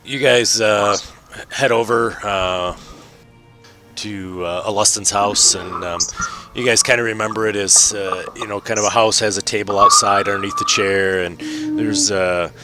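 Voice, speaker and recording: A man narrating a tabletop game as game master in a relaxed way, with many fillers. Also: fairly low pitch, unhurried, over music.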